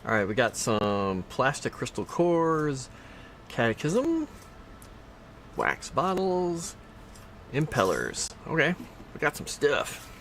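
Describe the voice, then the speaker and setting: Lively-voiced man chatting through a game. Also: medium pitch, takes it slowly, long pauses, slight background noise. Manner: chatty, reads loot and skill text aloud, teases chat. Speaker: livestreamer. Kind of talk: casual gameplay commentary.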